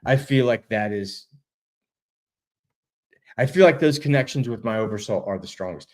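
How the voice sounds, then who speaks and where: Animated man chatting over a video call. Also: medium pitch, moderate pace. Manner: animated, laid-back, says dude a lot, swears. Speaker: interview guest. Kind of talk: casual storytelling.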